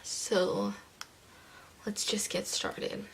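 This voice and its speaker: Young woman, crafting vlogger, slow and groggy with a gravelly morning voice, rambly and casual. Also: medium pitch, flat delivery, a little hiss or hum, poor audio. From California. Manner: rambling, with many fillers, slipping into soft murmurs. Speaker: planner vlogger. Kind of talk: casual chat while decorating a planner.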